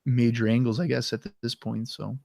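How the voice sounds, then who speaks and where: A man's voice: medium pitch, little pitch movement, a little fast, vocal fry, a little mellow, dry recording. Male podcast co-host, casual and chatty, mid-range voice, throat catching, very dry sound. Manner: chatty, loose, trails off at sentence ends. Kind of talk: casual chat recapping wrestling.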